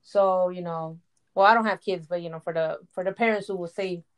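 A woman's voice: lowish voice, steady tone, fairly quick, clean tone. A woman in casual conversation, speaking with hesitant restarts and short agreeing replies. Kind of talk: casual chat.

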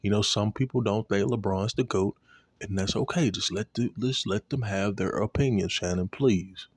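A man in a casual, profane sports rant, animated and repeating himself, aimed at a commentator. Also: lowish voice, moderate pace, breathy edge, dry recording.

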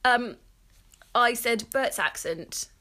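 A woman's voice: fairly high pitch, slow pace, pushed and bright. A woman in her thirties from England, co-hosting a podcast in casual, giggly, teasing chat. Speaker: podcast co-host.

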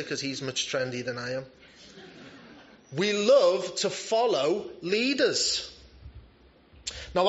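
A man's voice: sits high, fairly bright tone. A man preaching a sermon in a conversational way, with self-deprecating humor. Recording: roomy, slightly dull church recording.

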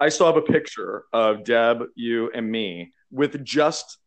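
A man from Canada telling stories in casual chat, animated and laughing as he acts out quotes. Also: medium pitch, measured pace. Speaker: beverage marketer.

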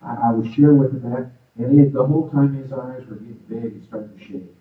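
A man's voice: mid-range voice, brisk. A man telling his own testimony in a sermon, storytelling with lots of energy and acting out the quotes. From Arizona, USA. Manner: animated storytelling with acted-out quotes. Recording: echoey far-off phone-like sound.

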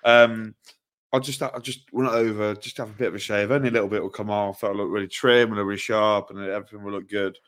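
A man's voice: on the low side, little pitch movement, fast talker, fairly bright tone. A young man with a self-mocking way of telling stories, co-hosting a casual football podcast chat. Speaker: podcast co-host.

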